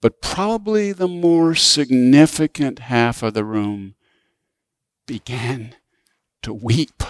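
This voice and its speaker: A man preaching a sermon and telling a story, swinging from raised, emphatic lines down to hushed asides. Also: mid-range voice, slow, dry recording.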